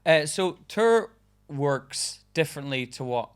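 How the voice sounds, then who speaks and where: A man's voice: a little high, animated, takes it slowly, clear, resonant tone. Chatty young man, a laughing comedian guest. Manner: chatty, swears, laughs often, many fillers. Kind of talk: casual podcast chat.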